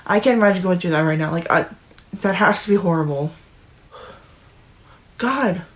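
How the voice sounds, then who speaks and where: A woman's voice: on the low side, normal speed. A young woman in her twenties ranting angrily about politics in a vlog, swearing constantly and close to tears. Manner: profane, emotional, ranting, restarts often. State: near tears. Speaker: political commentary vlogger. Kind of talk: angry political rant vlog.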